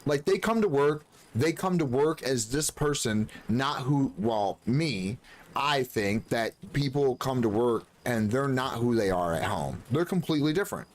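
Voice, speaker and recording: Animated, swearing man telling stories. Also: medium pitch, measured pace. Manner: animated, profane storytelling with acted-out quotes. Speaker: streamer. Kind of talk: casual chat.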